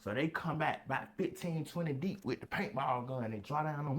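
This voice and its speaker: A young man telling a story casually on a podcast, acting out voices with sudden loud high bursts. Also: a little fast.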